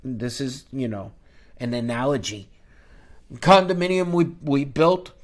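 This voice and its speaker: A man's voice: medium pitch, measured pace. A middle-aged man hosting a finance channel, talking in a brash, jokey, rambling podcast style that jumps between topics.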